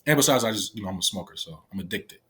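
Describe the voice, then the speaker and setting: A man giving a candid personal account of his time as a youth detention worker, halting and restarting often and swearing freely. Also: on the low side, animated, bright, forceful tone. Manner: profane, halting speech with many restarts.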